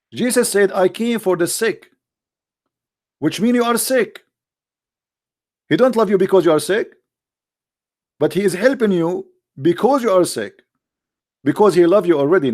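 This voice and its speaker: Delivering commentary on his own, an online debater with a fairly high, slightly mellow male voice alternates between mockery and emphasis. He leans heavily on sarcasm, and his English shows non-native grammar.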